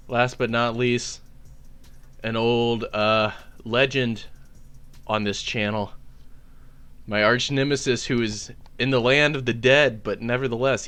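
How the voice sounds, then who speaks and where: A man's voice: mid-range voice, fairly bright tone. A man, a comedy YouTuber, talking casually with mumbled, laughing asides.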